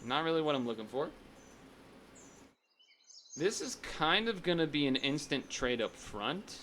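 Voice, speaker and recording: A man's voice: fairly high pitch, big pitch swings, unhurried, fairly bright tone, slight background noise. A man streaming a strategy game, chatting casually and thinking aloud, often restarting his sentences. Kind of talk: casual gameplay commentary.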